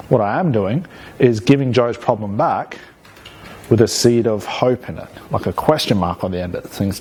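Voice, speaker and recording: A man teaching a live hypnosis workshop to a room, energetic and often checking in with "okay?". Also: on the low side, a little hiss or hum. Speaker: hypnosis trainer. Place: training room with an audience.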